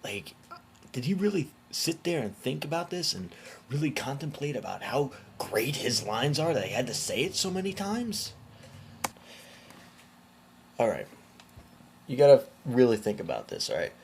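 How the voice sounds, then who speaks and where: Sarcastic man with a lively gravelly voice. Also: mid-range voice, moderate pace, long pauses, noisy background. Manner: incredulous, sarcastic, mocking. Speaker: commentary video host. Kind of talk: casual commentary.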